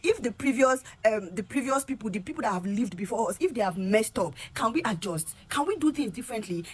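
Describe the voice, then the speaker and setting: Fast-talking husky Nigerian woman. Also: expressive. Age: young adult. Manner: earnest and aggrieved, repeats words and rises in pitch when heated, mixes in Pidgin. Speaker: vlogger. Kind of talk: impassioned direct-to-camera rant.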